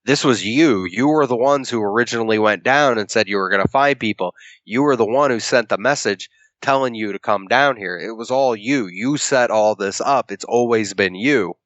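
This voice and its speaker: At normal speed and with a fairly bright tone, a man co-hosts a podcast in a mid-range voice, heard through dull, echo-free lo-fi audio. He chats casually while recounting a comic book's story at length, voicing its characters and swearing without restraint.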